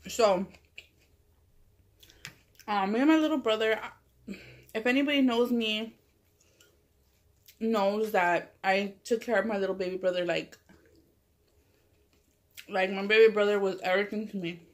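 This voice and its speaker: A woman's voice: medium pitch, steady tone, a little slow, pauses often. A woman vlogger casually telling a long personal story, rambling and full of "like" and self-corrections. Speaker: mukbang vlogger.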